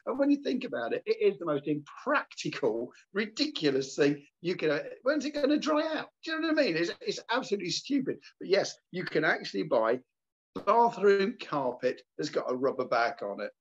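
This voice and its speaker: A British man co-hosting a podcast, chatting casually in an animated, incredulous way. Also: high-pitched, fairly quick, husky. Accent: British English. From Britain. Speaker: podcast co-host. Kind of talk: casual chat. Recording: dull lo-fi sound.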